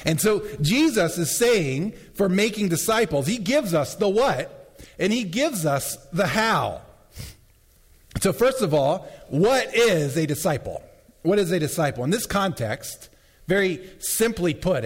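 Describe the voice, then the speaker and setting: Pastor, male, hoarse from preaching, animated pitch, emphatic repeats, echoing sanctuary. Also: measured pace. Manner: emphatic, repeats key phrases. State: losing his voice. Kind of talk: sermon. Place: church sanctuary. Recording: long hall reverb.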